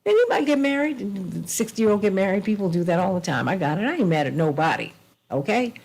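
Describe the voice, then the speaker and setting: Emphatic woman host with lively pitch. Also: fast talker, gravelly, husky. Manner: emphatic, preacherly, addresses listeners by name. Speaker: talk show host. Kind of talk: political talk show commentary.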